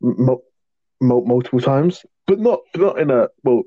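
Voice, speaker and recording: A man's voice: mid-range voice, animated, normal speed, dry recording, muffled recording. A young man co-hosting a casual podcast, jokey and swearing, often restarting his words. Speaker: podcast co-host. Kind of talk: casual chat.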